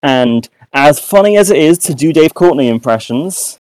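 A man's voice: on the high side, animated, moderate pace, a little mellow, dry recording, poor audio. A young British man, a podcast co-host, talking in a rambling casual way with many restarts and self-mocking asides. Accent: British English. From United Kingdom. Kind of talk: casual chat.

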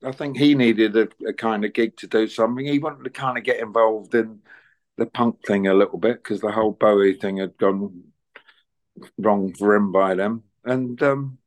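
An older man in his sixties, a musician telling stories in a relaxed interview and acting out the dialogue. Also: on the low side, normal speed. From England. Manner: chatty, anecdotal, plays out dialogue in quoted voices. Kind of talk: relaxed conversational storytelling.

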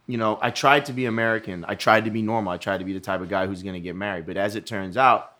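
A man's voice: lowish voice, fast, bright, forceful tone. A man of forty, a podcast guest, talking in a laid-back way, swearing and saying "you know" a lot. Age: 40s. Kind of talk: casual chat.

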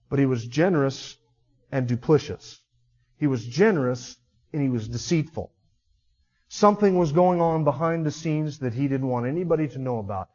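A man's voice: medium pitch, darkish tone. A man preaching a sermon as a pastor, emphatic, his voice swelling and dropping away. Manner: emphatic, rising and dropping sharply in volume. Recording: muffled sound with long hall reverb.

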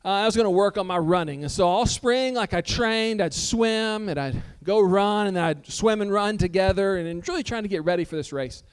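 High-voiced, smooth-toned pastor. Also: male voice, brisk, few pauses. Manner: relaxed, self-deprecating storytelling with humor. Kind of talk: conversational sermon. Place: church sanctuary before a congregation.

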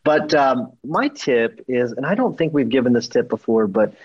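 A man co-hosting a podcast, chatting in a relaxed, joking way. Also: medium pitch, normal speed, husky, muffled recording. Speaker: podcast co-host. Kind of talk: casual podcast chat.

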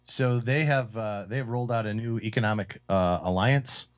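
A low-voiced man co-hosts a relaxed panel talk, working through economic points with frequent fillers and restarts. The audio is dull and lo-fi. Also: moderate pace, smooth. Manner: explains economics with hesitant fillers. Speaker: co-host. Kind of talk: casual round-table discussion. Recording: dull lo-fi sound.

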